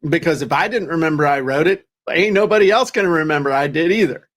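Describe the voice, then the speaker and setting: A fast-talking man with a fairly high, fairly bright voice co-hosts a podcast. The talk is casual and chatty, and he jokes and pokes fun at himself.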